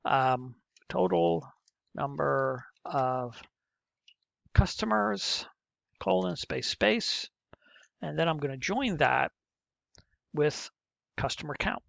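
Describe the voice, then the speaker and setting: Slow and creaky, pausing often, a middle-aged male teacher guides a screen-recorded coding lesson step by step, muttering as he types. His animated voice is fairly high and a bit bright, with no room sound, on a muffled, dull lo-fi mic.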